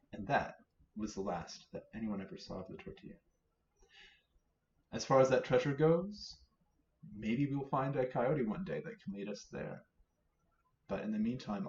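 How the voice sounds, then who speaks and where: Playful guy doing kids storytime, super lively voice, echoey room w/ faint noise. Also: medium pitch, normal speed, pauses often. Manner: animated, playful. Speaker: children's librarian, storytime host. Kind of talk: reading a picture book aloud to kids. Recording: roomy, slightly dull sound.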